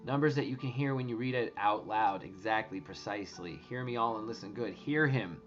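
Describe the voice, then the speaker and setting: A man talking casually to his viewers, rambling and excitable, swearing and restarting his sentences often. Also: on the low side, a little fast, lo-fi sound, soft background music. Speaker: treasure hunt vlogger.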